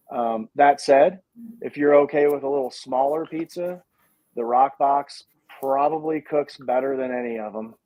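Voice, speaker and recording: A man's voice: medium pitch, no room sound. Man on a muffled video call. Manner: thoughtful, hedging, many fillers and restarts. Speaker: guest, pizza dough company founder. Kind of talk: casual video chat. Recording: dull lo-fi sound.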